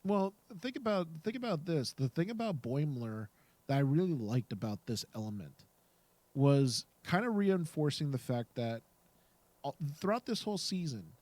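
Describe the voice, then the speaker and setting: Male podcast co-host, higher pitch with a lively swing, animated and quick to laugh. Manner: animated, laughs often, echoes his co-host. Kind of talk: casual podcast discussion.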